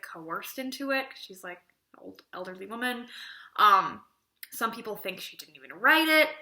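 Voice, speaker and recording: A young woman giving an opinionated casual book review, animated and chatty, acting out little conversations as she goes. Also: medium pitch, reverberant. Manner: animated, chatty, acts out quoted exchanges.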